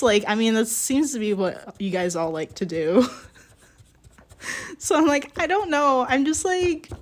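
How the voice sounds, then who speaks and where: In her home pottery studio, a young woman streaming her ceramics work chats casually, rambling through a story full of fillers and little laughs. Her voice sits a little high, with lively intonation and a moderate pace.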